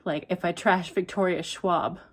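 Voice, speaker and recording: Woman, book vlogger, low-ish voice, dry deadpan delivery tipping into ranting. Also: measured pace. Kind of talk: casual reading vlog.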